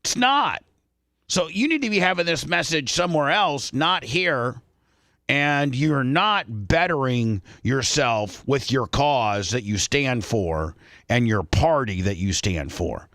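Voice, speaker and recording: A man's voice: mid-range voice, expressive, slow pace, a bit bright, no room sound, studio quality. A male radio host giving opinionated, rambling commentary in a casual talk show.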